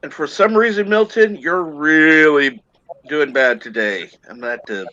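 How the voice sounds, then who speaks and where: A man's voice: on the high side, unhurried, sharp tone, no room sound. A man with a Midwestern accent hosting a casual chat, fiddling with tech between words. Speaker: host. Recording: dull lo-fi mic.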